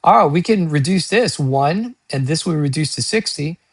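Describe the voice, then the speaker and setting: A man teaching an SAT math lesson, energetic and chatty, asking questions and answering them himself in casual slang. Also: fairly high pitch, moderate pace, breathy edge, no echo. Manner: energetic, asks and answers his own questions.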